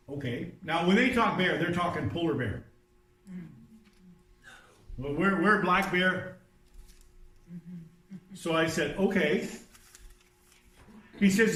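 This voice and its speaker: Male pastor with a high voice, conversational sermon, distant mic in a reverberant church. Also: lively intonation, measured pace, pauses often, a bit bright. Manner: conversational storytelling with asides and restarts. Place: church sanctuary.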